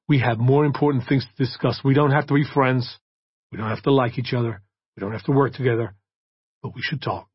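A man voicing a hard, cold male vigilante who speaks quietly and flatly. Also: mid-range voice, a little fast, husky, no room sound, lo-fi sound, lightly acted.

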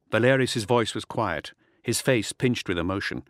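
This is scripted audiobook narration by a man with a fairly low voice, delivered in a steady, measured way. The studio-quality audio has no echo.

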